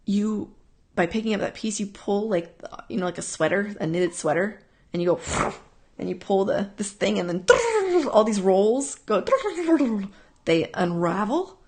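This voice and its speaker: A woman's voice: mid-range voice, sing-song, a little slow, a little mellow. A woman hosting a casual live talk, answering viewers in a rambling, earnest way that keeps circling back and repeating itself. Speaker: host answering viewer questions.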